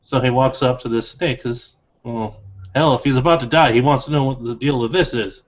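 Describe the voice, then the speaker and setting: A man's voice: medium pitch, brisk. A man with a folksy, drawling manner telling a long joke during a tabletop game. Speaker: player. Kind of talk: storytelling a joke in character. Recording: dull lo-fi recording.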